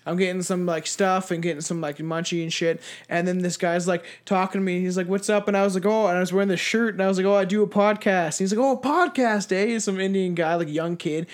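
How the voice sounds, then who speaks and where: High-voiced swearing man podcasting. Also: little pitch movement, fast talker, hardly any pauses. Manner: crude, rambling, swears a lot. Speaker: podcast co-host. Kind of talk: casual podcast chat.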